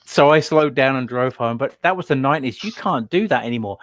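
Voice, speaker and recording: Podcast co-host, man from England, lively pitch, dry close recording, chatty storyteller. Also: brisk, no echo. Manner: animated storytelling, laughs at his own tale. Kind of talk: casual chat.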